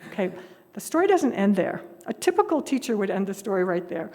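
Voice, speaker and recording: A woman's voice: medium pitch, big pitch swings, brisk, darkish tone. An older woman giving a storytelling talk at a worship service, chatty with easy humor and frequent laughs. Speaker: lay speaker at a worship service. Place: worship hall. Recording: echoey hall reverb.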